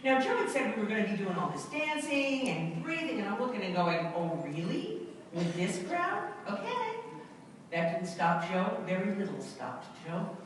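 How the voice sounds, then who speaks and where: A middle-aged woman giving a personal storytelling talk to an audience, dramatic and emphatic, with long pauses and repetition. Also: mid-range voice, expressive, a little hiss or hum. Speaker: speaker at a self-help event. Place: large indoor event hall. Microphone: camera in the audience. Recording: echoey hall recorded from far off.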